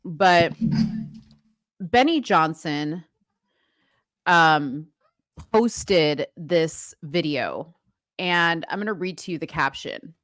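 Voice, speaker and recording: A woman hosting a casual political talk show, chatty and animated. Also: sits low, very slow, pauses often, no room sound. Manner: animated, chatty, laughs easily. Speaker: show host.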